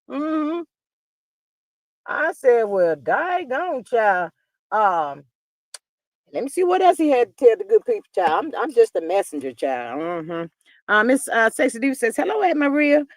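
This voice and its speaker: A woman's voice: fairly high pitch, sing-song, a little slow, dry recording. A woman hosting a casual gossip livestream, reading viewer comments in a chatty, drawling way and calling everyone "child.". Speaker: livestream host reading chat. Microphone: livestream computer mic.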